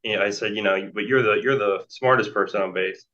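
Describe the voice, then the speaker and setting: On dull, lo-fi audio, an American interview guest in his forties tells a long, rambling story filled with fillers and restarts. He's a fast talker whose voice sits on the low side and sounds bright and forceful.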